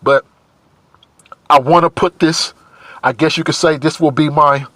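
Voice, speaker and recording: A man talking to camera in a halting, repetitive confessional monologue, emotional and searching for words. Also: fairly high pitch, fairly even intonation, a bit bright, no echo. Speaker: vlogger.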